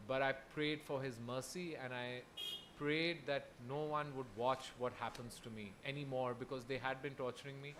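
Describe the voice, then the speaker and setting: A man's voice: mid-range voice, fairly bright tone, slight background noise. Earnest young man telling his story. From Pakistan. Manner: earnest, halting, with restarts. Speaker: festival speaker. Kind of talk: personal storytelling on stage. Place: festival hall.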